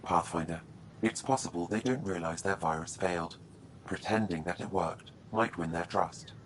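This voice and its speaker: A calm, deep-voiced AI companion. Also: male voice, slight background noise, rough recording. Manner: measured, advisory. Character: calm male AI companion inside the hero's head. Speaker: game character.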